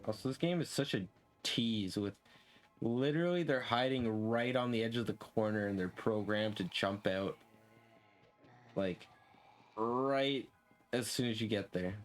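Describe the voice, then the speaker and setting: A man's voice: lowish voice, measured pace, long pauses, faint music behind. A man streaming a game live, talking casually and venting his frustration with swearing and rants, from a room at home. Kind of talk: casual live gameplay commentary. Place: home room with window open.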